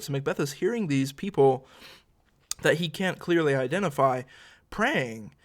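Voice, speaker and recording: A man teaching literature in a relaxed, conversational lecture, explaining a play scene by scene with slangy asides. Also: a little high, measured pace.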